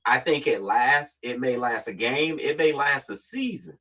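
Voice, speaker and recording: A man's voice: mid-range voice, unhurried, pushed and bright. A male co-host giving blunt, emphatic opinions in casual sports talk. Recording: distant mic.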